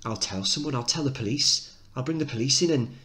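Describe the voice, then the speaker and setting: A man's voice: mid-range voice, animated, a little fast, sharp tone, pitched above the performer's own voice. A man voicing an anxious working-class mother with a raised, scolding voice, reading the play aloud. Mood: panicked.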